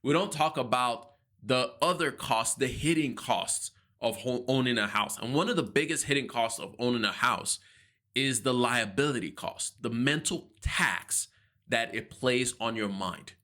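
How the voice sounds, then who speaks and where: A man with a bright, forward voice tells a personal story on his finance vlog. He is earnest and devout, and he acts out his own worried reactions and prayers as he speaks. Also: mid-range voice, unhurried.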